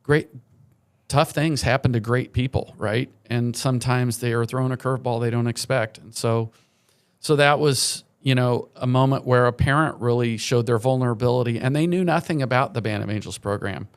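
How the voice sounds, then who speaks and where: A man's voice: medium pitch, moderate pace, smooth. A middle-aged man, a charity program leader, telling earnest, heartfelt stories as a guest on a morning TV interview in a studio.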